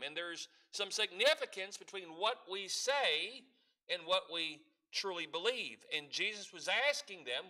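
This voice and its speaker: Pastor guy preaching, high bright voice, leads the church in call and response. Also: lively intonation, measured pace. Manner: leads the congregation in call-and-response, reads scripture aloud. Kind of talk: sermon.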